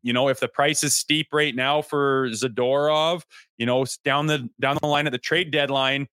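A man in his thirties co-hosts a casual hockey podcast in a bright, forward voice. He talks loosely, swears freely and acts out people in his stories. The sound is close and dry. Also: medium pitch, moderate pace, clean tone, no echo. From Canada. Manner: loose, swearing, storytelling with animated quoted voices. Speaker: podcast co-host. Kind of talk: casual sports podcast chat.

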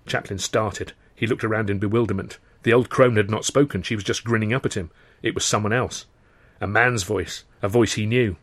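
A man's voice: lowish voice, steady tone, fairly quick. A man reading his own first-person novel aloud as narrator, in a dry, wry storytelling manner. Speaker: author and narrator.

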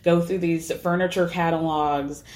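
A young adult woman hosting a podcast, recapping in a casual, animated way with voiced asides. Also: on the low side, unhurried. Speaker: podcast host.

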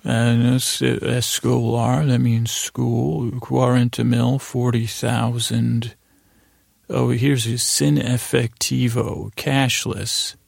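Gravelly man rambling a recap. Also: mid-range voice, flat delivery, slow, a little mellow, no echo. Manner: meandering, drowsy, with many fillers and restarts. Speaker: sleep podcast host. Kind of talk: slow rambling episode recap.

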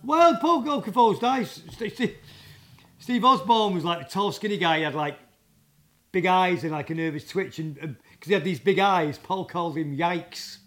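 A man, a guest drummer telling rambling, halting anecdotes in a casual interview. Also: sits high, fairly bright tone. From England.

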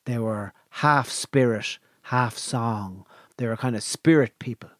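An Irish man with a medium-pitched voice, telling an old legend in a hushed, measured way and leaving dramatic pauses. The sound is close and dry, with no room around it. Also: no echo. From Ireland. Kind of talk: casual storytelling.

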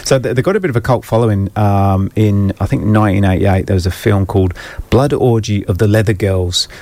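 A man's voice: lowish voice, brisk, warm tone. A man co-hosting a radio music show, joking and rambling through stories in casual studio banter. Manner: jokey, rambling storyteller. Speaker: radio co-host.

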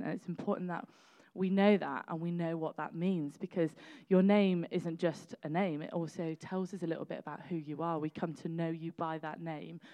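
A woman in her thirties giving a chatty sermon, with laughing asides and lively storytelling. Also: fairly low pitch. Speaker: preacher.

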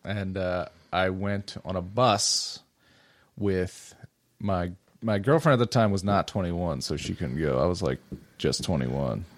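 A low-pitched young man telling rowdy stories on a podcast, swearing freely and laughing as he goes. His voice sounds close and dry, with no room around it. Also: a little slow, no echo. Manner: loose, profane storytelling with laughs. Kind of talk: casual chat.

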